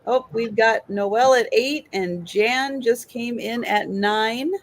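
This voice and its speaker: A woman's voice: on the high side, takes it slowly, low-quality recording. A woman hosting a live online vintage sale, describing items and calling out bids. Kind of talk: live online sales auction.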